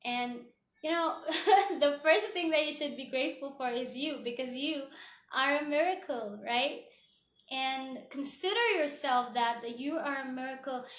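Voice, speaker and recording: Woman, motivational vlogger, earnest and heartfelt, fairly high voice, roomy echo. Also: unhurried, a bit bright. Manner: earnest, heartfelt, many fillers. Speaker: motivational speaker. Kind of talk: motivational vlog talk. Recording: echoey room.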